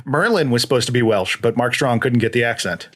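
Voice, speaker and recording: A man's voice: mid-range voice, animated, fairly quick, a bit bright. A man co-hosting a podcast in casual chat, rambling with restarts and trailing asides. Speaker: podcast co-host.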